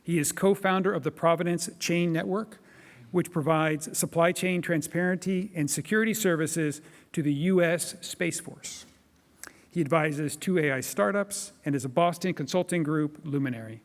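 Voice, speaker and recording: A man hosting a conference who reads out a measured introduction of the keynote speaker. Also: a little high. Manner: measured, reading from notes. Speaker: event host introducing the keynote. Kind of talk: read introduction. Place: large conference hall. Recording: hall reverb.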